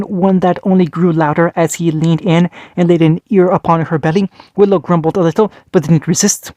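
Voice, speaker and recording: A man's voice: sits high, a little mellow, no echo, clean studio sound. A man narrating a fan fiction story in a plain reading style, with frequent small restarts.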